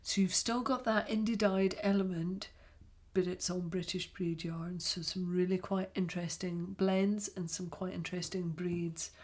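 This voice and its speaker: Lady from scotland rambling casually bout her vending trip, kinda low voice, animated. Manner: chatty, animated storytelling. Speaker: yarn vendor and podcaster. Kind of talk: casual chat.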